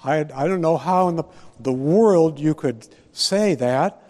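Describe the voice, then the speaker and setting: A man teaching a Bible study lecture, deliberate and posing rhetorical questions to his listeners. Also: on the high side, expressive, dark tone, big-room sound.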